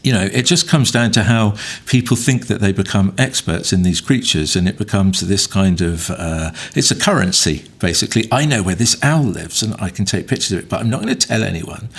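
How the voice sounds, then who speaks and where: Sex: man. Role: podcast co-host and wildlife photographer. Style: casual podcast chat. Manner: blunt, opinionated, exasperated. Pitch: fairly low. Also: animated, a little fast, hardly any pauses, slightly rough.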